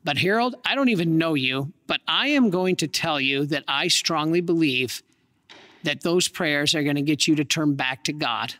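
A man, a priest, telling a story in a sermon with earnest, dramatic pauses. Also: on the high side, expressive, sharp tone, big-room sound.

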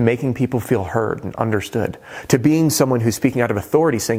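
Energetic male sales coach. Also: medium pitch, fast talker, few pauses, breathy edge. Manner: energetic, animated, shifts tone and pace for emphasis. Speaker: roofing sales trainer. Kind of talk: coaching monologue to camera.

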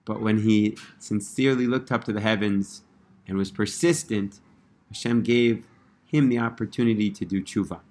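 A man telling a religious story in a casual, earnest way, rising in pitch when he quotes the people in it. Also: normal speed. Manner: earnest, animated when quoting characters.

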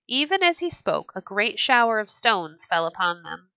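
A woman reading a children's storybook aloud as a podcast storyteller, measured and expressive. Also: medium pitch, gravelly, smooth, no echo.

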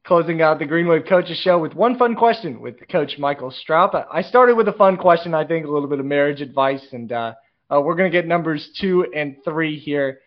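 A man's voice: fairly high pitch, lively intonation, normal speed, muffled recording. A man hosting an interview show over a video call from a room at home, asking loose, conversational questions with many "uh"s. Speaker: show host. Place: home room with a chart on the wall.

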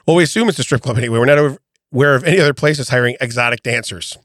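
A man's voice: mid-range voice, rapid-fire, fairly bright tone, no room sound. A man co-hosting a comedy podcast in a studio, joking and laughing a lot as he tells a story. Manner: laughs often, riffs and jokes. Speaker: podcast co-host. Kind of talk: casual comedic chat. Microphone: studio mic.

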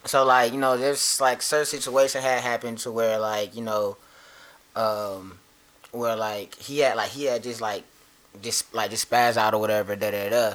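A man co-hosting a podcast, telling a story in a rambling, halting way with many fillers. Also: medium pitch, level tone, a bit bright. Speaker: podcast co-host. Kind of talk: casual chat.

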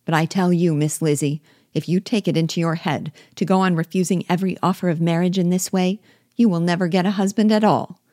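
A fretful, self-pitying middle-aged mother who complains at length, drawn-out and whining, as a woman reads her. Her tone is low and mellow, recorded close and dry. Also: steady tone, no echo, natural voice. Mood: scolding. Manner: whining, drawn-out melancholy delivery.

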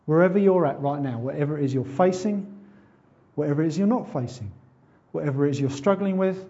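Impassioned preacher, muffled recording. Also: male voice, fairly high pitch, animated, brisk. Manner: impassioned, rhetorical questions, builds to loud exhortation. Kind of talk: sermon.

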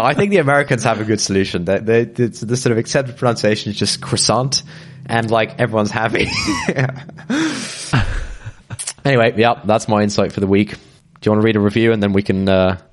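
Low-voiced man chatting with a hesitant ramble. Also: normal speed, long pauses. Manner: hesitant, with many fillers and restarts; laughs easily. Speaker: podcast co-host. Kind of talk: casual chat.

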